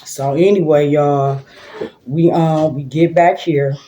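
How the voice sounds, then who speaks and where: A woman's voice: deep voice, steady tone, slow pace, dark tone, a little hiss or hum. An older woman, a grandmother, chatting and rambling through a story while eating lunch at home for her vlog, recorded on a phone. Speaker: vlogger. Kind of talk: casual mukbang storytelling.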